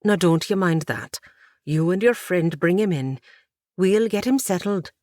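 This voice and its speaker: A bustling, kindly aunt who takes charge with fond briskness. A woman puts her on in an audiobook. Her voice sits a little higher and louder than the narration, in a dry, close recording. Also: animated, no room sound. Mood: brisk. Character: warm motherly older aunt, bustling and kind.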